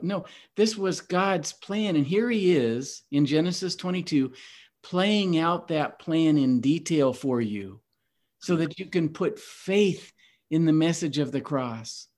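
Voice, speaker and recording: Brief: male podcast host, preacherly and emphatic, slightly higher voice. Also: lively intonation, slow. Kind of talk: Bible teaching podcast.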